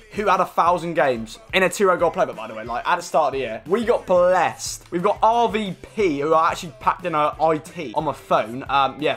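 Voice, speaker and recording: Excitable young British gaming commentator. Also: male voice, on the high side. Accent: British English. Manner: chatty, slangy, excitable, addresses viewers as lads. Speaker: gaming YouTuber. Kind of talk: casual gameplay commentary.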